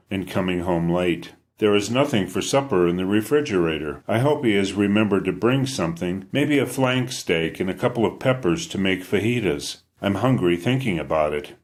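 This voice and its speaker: A man reading his own book aloud in an even, first-person storytelling manner. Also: lowish voice. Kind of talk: audiobook narration.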